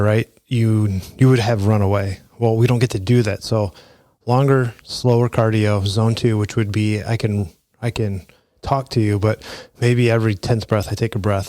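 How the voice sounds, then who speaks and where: A middle-aged man speaks in a somewhat low register, hosting his own podcast. His delivery is loose and conversational, full of small restarts. The sound is dry and close, with no room around it. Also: darkish tone, no echo. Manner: conversational with frequent restarts and fillers. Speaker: podcast host. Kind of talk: solo podcast monologue.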